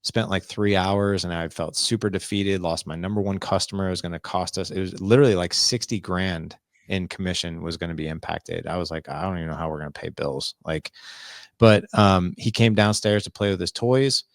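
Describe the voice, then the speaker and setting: A man in his forties with a very low, gravelly voice tells a personal story as a podcast guest. He talks in an earnest, confessional way and acts out remembered dialogue. The sound is close and dry, with no room echo. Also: moderate pace. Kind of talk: candid storytelling in a podcast interview.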